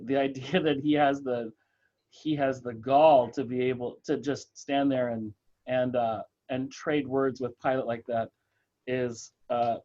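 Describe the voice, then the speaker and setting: A man leading a church book group discussion, thoughtful and halting, with many fillers and restarts. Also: medium pitch, a little mellow, muffled recording.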